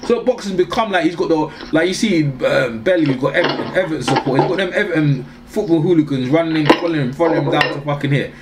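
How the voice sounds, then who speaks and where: A man's voice: a little high, quick pace, few pauses, very noisy. A man with a London accent co-hosting a casual boxing chat, using streetwise slang and swearing. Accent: London English. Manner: streetwise slang, swears, says "bruv" and "innit" a lot. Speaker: boxing show co-host.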